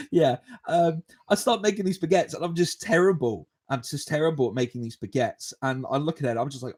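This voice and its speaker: A man in his twenties hosting a podcast, telling a rambling story and answering viewer questions in a casual, animated way, with frequent chuckles. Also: medium pitch, normal speed. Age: 20s. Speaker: podcast host.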